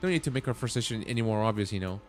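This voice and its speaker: A man's voice: fairly low pitch, animated, very fast. A man streaming a game, reading its dialogue aloud and breaking off into blunt, swearing reactions. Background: faint game music.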